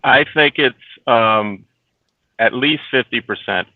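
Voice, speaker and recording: A man's voice: mid-range voice, slow pace, no echo. A man being interviewed as a documentary producer, talking earnestly with frequent restarts and repeated words, heard over a phone. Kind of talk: casual remote interview. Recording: tinny phone line, dry.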